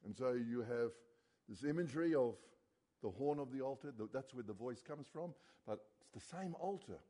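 A man preaching a sermon as pastor, earnest and dropping low and quiet on key words. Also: lively intonation, moderate pace.

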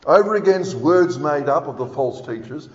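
A man's voice: on the high side, lively intonation, moderate pace, darkish tone. A man preaching a sermon in an earnest, emphatic way, reading scripture aloud. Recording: dull sound with long hall reverb.

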